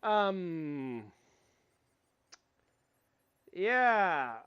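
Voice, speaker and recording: Streamer dude gaming, high voice, slow drawl, swears a ton, dry dull mic sound. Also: male voice, big pitch swings, clean tone, no echo. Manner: brash, swears a lot, bursts into shouts. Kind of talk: casual gaming chat.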